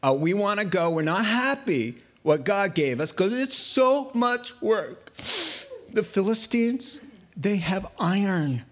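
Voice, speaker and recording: A man preaching a sermon, telling a Bible story in an animated, playful way. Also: high voice, slow pace. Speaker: pastor.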